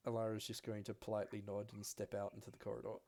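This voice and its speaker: A man narrating a tabletop game as game master, in a steady, descriptive way. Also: fairly low pitch, racing, gravelly.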